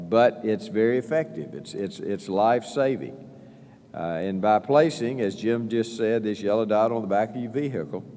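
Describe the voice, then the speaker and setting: Man, governor's speech, halting with fillers, low pitch, mellow tone, echoing hall reverb. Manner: halting, many "uh" fillers and restarts. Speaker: state governor. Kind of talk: speech at a press event. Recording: long reverb in a large hall.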